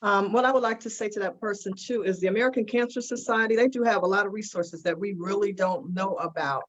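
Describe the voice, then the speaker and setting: A woman's voice: medium pitch, quick pace, muffled recording. A woman who survived breast cancer, speaking on an online panel and earnestly recommending support resources. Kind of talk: panel discussion answer. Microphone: video call.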